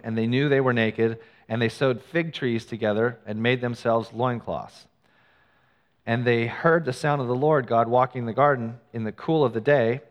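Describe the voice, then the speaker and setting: A man preaching a sermon in a church, his voice at a middle pitch. He moves between reading scripture and talking plainly to the congregation, with self-deprecating asides. A long hall reverb trails after his words. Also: lo-fi sound. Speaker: pastor.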